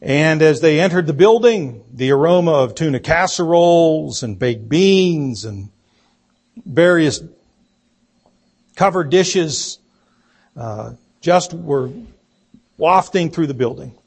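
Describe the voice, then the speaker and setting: A man preaching a sermon, telling a story slowly and deliberately and acting out the quoted voices. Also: on the high side, animated, darkish tone, slightly rough. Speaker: pastor.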